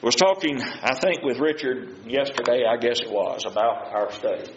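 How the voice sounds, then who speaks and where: A mid-range, animated male voice at normal speed carries this earnest, folksy Bible study delivered like a sermon. He gives plain paraphrases of scripture and asks questions he answers himself. Faint noise sits under a roomy, dull recording.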